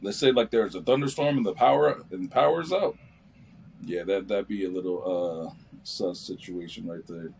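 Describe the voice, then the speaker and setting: A man's voice: low-pitched, normal speed, creaky, darkish tone, a little hiss or hum. A man on a casual podcast who talks in a laid-back way and laughs at his own remarks.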